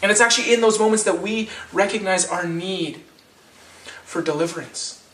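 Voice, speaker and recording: A man's voice: high-pitched, moderate pace, fairly bright tone, echoey room, far from the mic, a little hiss or hum. A man in his thirties preaching a sermon as pastor, conversational, with frequent restarts and rhetorical questions.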